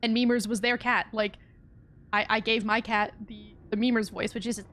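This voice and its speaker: A woman's voice: fairly high pitch, steady tone, normal speed, fairly bright tone, slight background noise. Chatty young woman streaming a game. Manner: rambling, chatty, laughs often. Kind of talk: casual let's-play chat.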